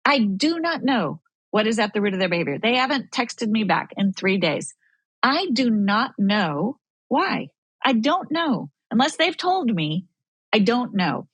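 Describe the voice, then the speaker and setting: A woman with a higher, very animated voice explains with earnest, coaching warmth, often acting out little inner dialogues. Her tone is a bit breathy. The recording is dry and close. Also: measured pace, no room sound, rough recording. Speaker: guest expert. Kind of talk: podcast conversation.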